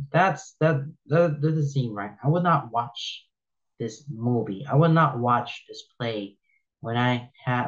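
A reaction video host with a mid-range voice reads posts aloud and offers casual commentary, heard through dull audio. He rambles and shares strong opinions, often repeating himself and restarting sentences.

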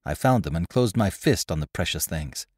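A man narrating a classic adventure story in a scripted, expressive reading. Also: low-pitched, moderate pace, no room sound, clean studio sound. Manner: expressive, lively reading with character voices. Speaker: narrator and host.

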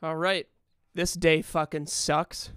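A man streaming a game, chatting casually in an excitable, dramatic way and swearing often. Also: on the high side, slow, smooth, no echo, clean studio sound. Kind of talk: casual gaming chat.

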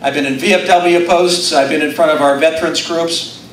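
Speaking at a normal pace in a steady, slightly bright tone, this fairly high-pitched middle-aged man from Utah is a candidate rallying a live crowd in an event room with self-deprecating jokes and appeals. The echoey space was captured from afar, leaving slight background noise.

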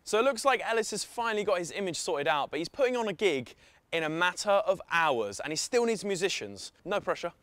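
A man's voice: high voice, very animated, fairly quick, fairly bright tone, smooth, no echo. A man presenting and narrating a web series in an upbeat, playful way. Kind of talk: scripted narration.

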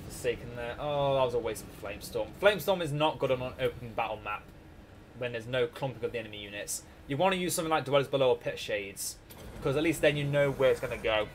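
A young Scottish man with a sore throat streams a strategy game, rambling, cracking jokes and laughing often in casual live-stream chat. His mid-range voice is animated and quick, with a little hiss or hum in the background.

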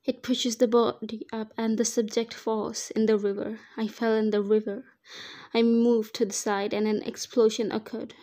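Reading a fan fiction piece written in the first person, a woman acts as narrator at an unhurried, steady pace. Her pitch leans high.

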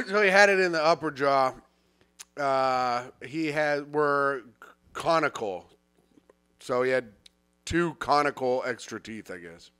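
A man's voice: mid-range voice, lively intonation, takes it slowly, long pauses, bright, forceful tone, smooth. A young man co-hosting a comedy podcast, teasing and laughing often in casual chat. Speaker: podcast co-host.

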